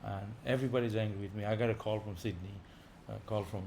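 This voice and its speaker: Animated man giving an informal talk. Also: on the low side, fast talker, a little hiss or hum. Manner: animated, rising loud for emphasis, chuckling. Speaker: visiting speaker.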